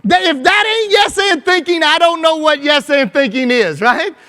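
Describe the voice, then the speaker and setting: Animated and pushed, his very high, bright voice moves at a normal clip as the Kentucky-accented superintendent jokes through a homespun conference keynote, often asking "right?" Long hall reverb and faint music fill the large venue.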